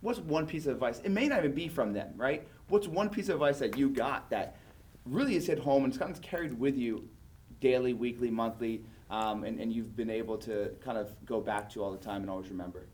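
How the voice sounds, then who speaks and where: A man hosting a podcast interview, asking questions in a quick, eager way. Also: medium pitch, a little mellow. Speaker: podcast host.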